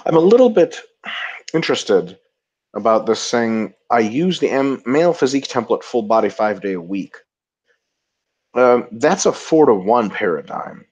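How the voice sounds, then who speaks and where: A man's voice: lowish voice, dull audio. A man co-hosting a casual webinar, reading viewer questions aloud and joking between answers. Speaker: webinar co-host.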